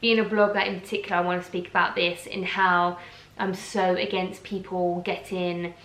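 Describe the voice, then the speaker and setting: A woman's voice: fairly low pitch, little pitch movement, normal speed, a bit bright. A woman from Essex with an Essex accent, a blogger ranting to camera in a chatty, indignant way full of fillers. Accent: Essex English. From Essex, England. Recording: roomy echo.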